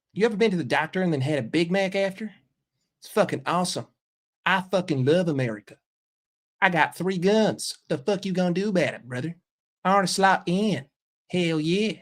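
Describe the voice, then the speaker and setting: A man's voice: high voice, lively intonation, moderate pace. A man putting on a brash Southern good ol' boy. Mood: swaggering. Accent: Southern US, put on. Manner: swaggering, profane, confrontational. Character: brash boastful Southern American man, touchy patriot. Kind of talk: comic impression on a livestream.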